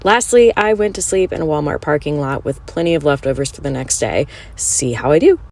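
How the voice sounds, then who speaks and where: A woman's voice: deep voice, expressive, fairly quick, a little mellow. A woman chatting through a casual travel vlog in an enthusiastic, chatty way. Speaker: travel vlogger.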